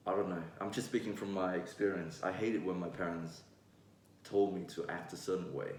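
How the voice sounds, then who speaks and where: He's a Vietnamese vlogger in his twenties with a mixed Vietnamese-Australian accent, talking frankly to camera and swearing without restraint. His low voice is steady, slightly quick and a bit mellow. The mic is far away in an echoey room, with slight background noise.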